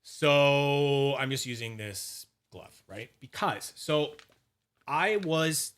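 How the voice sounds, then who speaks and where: This man hosts a fidget collector channel, speaking in a clean, fairly bright mid-range voice with lively intonation. On a casual livestream he demonstrates polishing, reads chat names aloud, and rambles and swears, full of restarts, fillers and fast asides.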